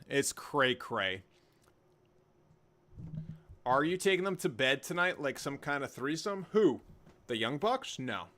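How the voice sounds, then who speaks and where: A man's voice: mid-range voice, a bit bright. A young man hosting a live wrestling watch-along, rambling and joking while he reads and answers chat by name. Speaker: livestream host reacting to wrestling.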